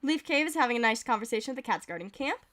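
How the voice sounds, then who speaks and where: Giggly high-voiced woman streamer. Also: animated, a bit bright. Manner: giggly, reads events aloud quickly, laughs often. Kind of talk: casual game commentary.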